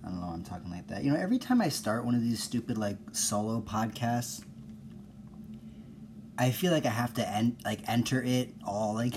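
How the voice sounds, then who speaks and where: A man hosting a casual solo podcast, rambling and self-mocking, low-key with bursts of exasperated ranting. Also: animated, moderate pace, darkish tone, a little hiss or hum.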